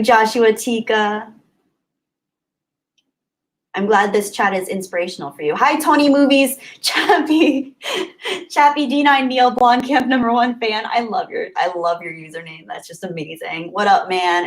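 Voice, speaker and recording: A woman hosting a casual livestream, chatty and upbeat, thanking viewers by name and often trailing off softly. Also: mid-range voice, moderate pace, low-quality recording. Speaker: livestream host. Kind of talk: casual live chat reading comments.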